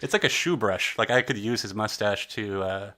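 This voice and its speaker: Bright-voiced rambling podcast host. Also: male voice, on the low side, normal speed. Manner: rambling, jokey, trails off and restarts. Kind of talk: casual chat.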